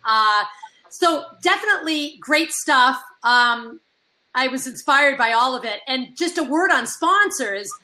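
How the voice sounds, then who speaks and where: Bright high-voiced chatty woman. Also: unhurried, low-quality recording. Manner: chatty, animated storyteller. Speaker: guest caller. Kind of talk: casual chat on a video call.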